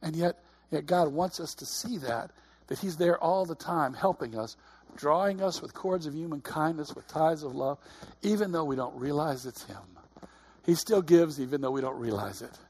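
A man's voice: a little high, normal speed, darkish tone, breathy edge. A man in his fifties preaching a sermon in a conversational way, with repeated calls of "Amen?" and laughing asides. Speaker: pastor.

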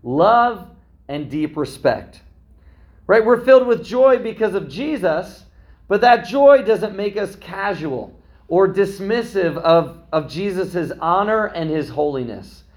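Conversational preaching man, slightly high. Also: lively intonation, slow pace. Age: young adult to middle-aged, a parent. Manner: conversational preaching, frequent "right?" asides. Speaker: pastor. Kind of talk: sermon.

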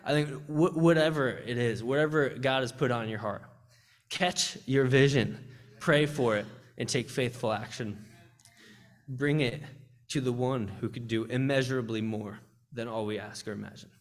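A man's voice: mid-range voice, normal speed. A young man giving a heartfelt church testimony and sermon, speaking earnestly with frequent restarts. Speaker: campus ministry speaker. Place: church service.

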